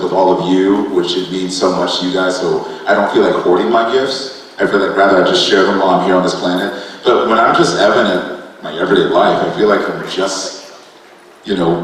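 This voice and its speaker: A man's voice: low-pitched, slight background noise. A man, a voice actor guest, chatting animatedly and laughing often during a convention panel Q&A. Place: convention hall stage. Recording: echoey convention hall, mic from a distance.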